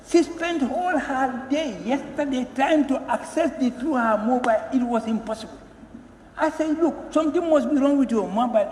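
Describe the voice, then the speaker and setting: A man speaks in a strikingly high voice, emphatic and pleading as he addresses parliament. He stumbles and repeats words before pressing his point. The room rings with a long, roomy reverb and faint ambience behind him. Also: darkish tone, a little hiss or hum. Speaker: member of parliament. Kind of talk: parliamentary speech. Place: parliament chamber. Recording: echoey chamber with long reverb.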